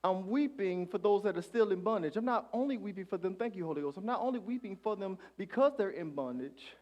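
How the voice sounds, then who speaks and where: A man preaching a sermon as pastor, calling on the congregation to answer back and swinging from hushed lines to shouts. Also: high voice, expressive, quick pace.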